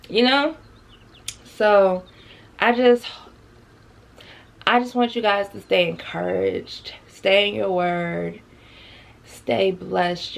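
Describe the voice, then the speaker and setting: A woman talks to her viewers in a slow, unhurried vlog. Her voice has a gravelly fry to it, and she sounds close to tears while staying chatty, calling them y'all. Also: mid-range voice, fairly bright tone. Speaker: vlogger. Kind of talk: heartfelt casual vlog talk.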